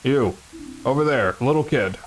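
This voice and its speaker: A man's voice: medium pitch, animated, moderate pace, a little hiss or hum, lightly acted. A man voicing an arrogant, menacing male sorcerer king from a video game, taunting a child.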